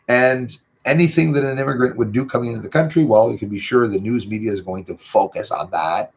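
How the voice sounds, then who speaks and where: Gravelly, husky man rambling. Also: mid-range voice, fairly quick. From Canada. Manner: rambling, chatty, lots of fillers. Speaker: channel host reading live chat. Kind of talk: casual livestream chat.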